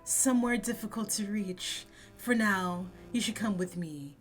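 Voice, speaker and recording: A woman voicing a cool, secretive female spy in a game, reading her lines in a calm, measured, low-key way. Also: faint music behind, close to an everyday voice. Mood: sly.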